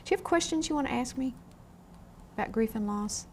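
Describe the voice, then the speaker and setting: A woman lecturing a class on grief in a frank, lively way, often asking the room questions. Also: sits high, a little fast, a little hiss or hum. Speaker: grief educator. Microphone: on camera, room mic.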